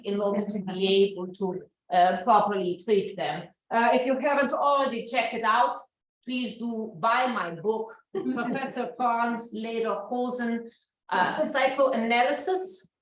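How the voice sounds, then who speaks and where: A woman's voice: on the high side, lightly acted. Woman performing a pompous clown professor, German accent, rambling with ums, distant mic, roomy echo. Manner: self-important, rambling with many ums. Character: pompous world-renowned clown psychoanalyst professor. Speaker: comedic stage performer. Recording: roomy sound from far off.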